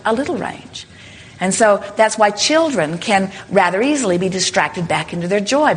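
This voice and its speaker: Addressing a live workshop audience, a woman speaks in a plain, mid-pitched voice with the manner of an experienced teacher taking questions. She explains emphatically and steadily, often acting out short quoted lines and frequently saying "in other words" and "you see."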